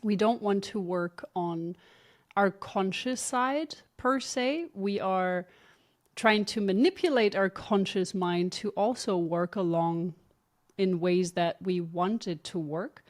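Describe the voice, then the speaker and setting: A woman's voice: mid-range voice, slow. Earnest woman explaining on a podcast. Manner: earnest, instructive. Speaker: podcast co-host.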